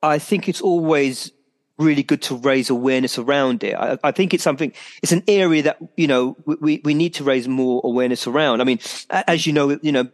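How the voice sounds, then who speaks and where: A man hosting a health talk radio show, chatty and animated, often restarting his sentences. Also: medium pitch, brisk.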